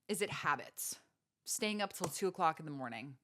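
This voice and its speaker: A woman's voice: fairly low pitch, lively intonation, brisk. Earnest woman podcaster asking pointed questions. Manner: earnest, preachy, rhetorical questions. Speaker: podcast host. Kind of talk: motivational faith-based podcast talk.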